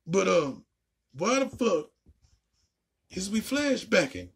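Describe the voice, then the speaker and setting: A woman ranting casually and profanely while reacting to a show, with a raspy, gravelly voice. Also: mid-range voice, very animated, slow pace. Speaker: video reactor.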